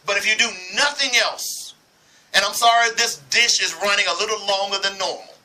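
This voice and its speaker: A man's voice: high-pitched, fairly even intonation, fairly quick, bright, forceful tone, low-quality recording. A man from Arkansas giving impassioned sports commentary, heated and preachy, hammering points with repetition.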